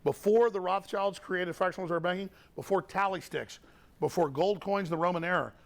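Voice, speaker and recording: A man's voice: sits high, fairly quick, vocal fry. A man answering interview questions in a defensive, rambling way and often repeating his words. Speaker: interview guest. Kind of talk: recorded interview.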